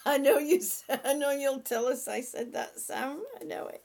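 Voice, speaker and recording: A woman's voice: high voice, normal speed, creaky, a little mellow. A woman hosting a casual live stream, chatting and laughing often as she greets viewers by name. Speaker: livestream host.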